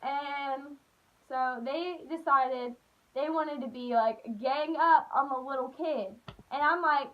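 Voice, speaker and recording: A young woman telling a childhood story on her vlog, animated and full of "like", acting out the voices. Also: high-pitched, slow pace. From Appalachian United States. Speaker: vlogger. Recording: dull lo-fi recording.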